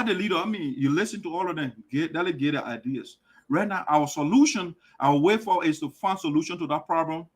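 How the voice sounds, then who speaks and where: A man with a Liberian accent hosting an online show, delivering a forceful political monologue that repeats its points and rises to shouts. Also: sits high. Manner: forceful, repetitive, rising to shouts.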